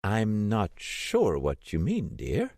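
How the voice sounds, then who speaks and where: A man voicing a frail, confused elderly woman, a former vice president, soft and weak-voiced, drifting in and out. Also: fairly low pitch, wildly swooping pitch, takes it slowly, vocal fry, dry recording, clean studio sound, voice pushed up, full character voice. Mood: vague, wandering. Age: older. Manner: vague and drifting, briefly imperious. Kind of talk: audiobook character voice.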